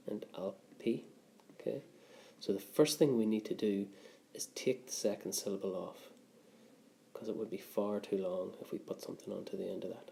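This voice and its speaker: A man's voice: on the low side, creaky, dark tone. A man who teaches a grammar lesson patiently, step by step, often checking in with "okay". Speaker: Irish language teacher.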